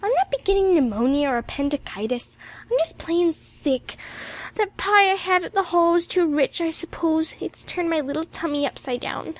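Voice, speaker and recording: A woman reading an audiobook voices a sick, impatient young girl who complains bluntly, pitched higher than her own voice. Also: lively intonation, normal speed. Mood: grumbling, queasy.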